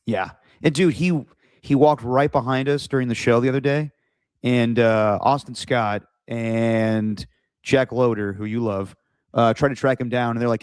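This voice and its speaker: A man's voice: medium pitch, steady tone, normal speed, clear, resonant tone, dry recording, clean studio sound. Laid-back man hosting a sports podcast. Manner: laid-back, chatty storytelling. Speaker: podcast host. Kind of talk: casual sports chat.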